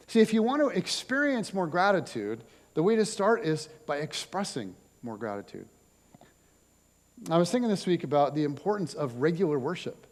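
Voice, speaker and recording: A middle-aged male pastor with a slightly raised pitch, talking through his sermon in a loose, chatty way full of little asides and dry jokes. His voice rings out with a long reverb from a church hall. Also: a little mellow. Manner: casual and chatty, with many fillers and wry jokes. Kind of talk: conversational sermon. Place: church auditorium.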